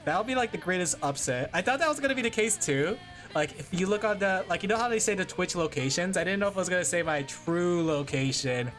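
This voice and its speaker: A woman's voice: fairly low pitch, animated, quick pace, soft background music. A woman from California chatting casually on a livestream while drawing, rambling and laughing often. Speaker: VTuber streamer.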